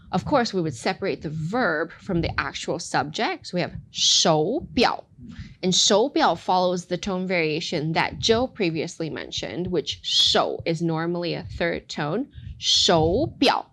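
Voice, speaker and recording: A woman teaching a casual language lesson, playful, modeling phrases slowly and clearly. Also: fairly low pitch, a bit bright.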